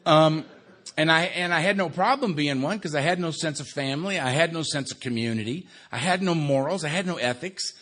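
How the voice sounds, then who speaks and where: A man in his sixties from Los Angeles telling his recovery story at an AA meeting, with wry dark humor, conversational tag questions, and a quieter, subdued delivery for grave memories. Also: fairly high pitch, fairly quick. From Los Angeles, USA. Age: 60s. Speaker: AA speaker. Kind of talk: recovery talk to a live audience.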